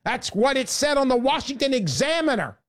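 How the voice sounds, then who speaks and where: A woman hosting a sarcastic, animated sales pitch monologue. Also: a little fast.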